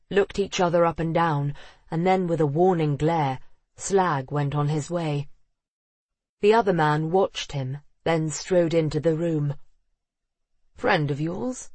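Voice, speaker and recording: An audiobook narrator reading a period romance in a steady, expressive storytelling voice. The tone is a little husky and breathy. The recording is dry and close, with no room sound. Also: medium pitch, no room sound. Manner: expressive, acting out the characters.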